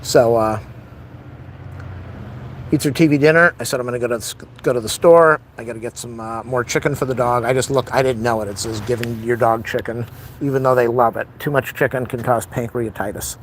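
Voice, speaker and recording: A man's voice: medium pitch, fairly even intonation, fairly quick, a little hiss or hum. A middle-aged man venting in a rambling, frustrated casual monologue on a live stream.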